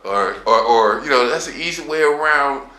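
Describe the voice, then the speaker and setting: A man's voice: mid-range voice, lively intonation, normal speed, bright, forceful tone. A man hosting an interview, asking questions in a loose, conversational way with slang and restarts. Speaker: interviewer, show host. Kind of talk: casual interview talk. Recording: echoey room.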